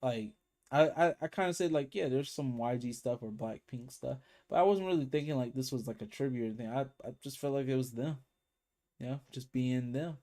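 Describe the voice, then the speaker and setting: A man's voice: mid-range voice, a little fast, warm tone. A man chatting casually on a livestream, rambling with many fillers and restarts. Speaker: K-pop reaction streamer.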